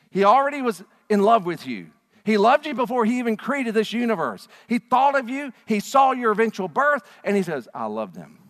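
A male pastor preaching in a church with a high, very lively voice that leaps up and down. He presses his points hard and throws questions at the congregation. His words ring out with the long reverb of a large hall. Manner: emphatic, animated preaching with rhetorical questions to the congregation. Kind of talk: sermon. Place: church sanctuary.

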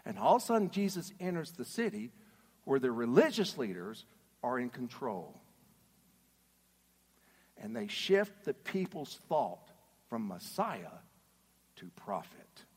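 A man preaching a sermon in an animated, emphatic way, putting questions to his audience. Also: mid-range voice, a little slow, pauses often, breathy edge. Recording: reverberant hall.

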